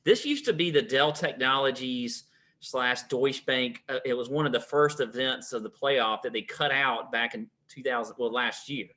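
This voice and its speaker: A man's voice: medium pitch, sharp tone. A man co-hosting a golf betting show, rattling off course details in a casual way with plenty of fillers. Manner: rapid-fire stats rundown with many fillers. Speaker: co-host.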